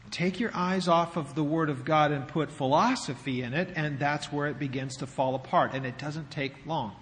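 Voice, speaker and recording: Man, pastor, conversational sermon, rhetorical questions, high voice, church sanctuary, echoing hall. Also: a little fast, few pauses, fairly bright tone, slight background noise. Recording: long hall reverb.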